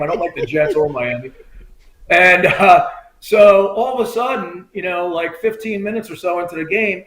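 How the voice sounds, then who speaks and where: A middle-aged man with a fairly high voice spins a rambling story as a podcast guest. He leans on "you know" and "I mean" and acts out the voices he quotes. His voice bounces around an echoey room. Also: fairly bright tone. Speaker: podcast guest, former state trooper. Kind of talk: casual storytelling.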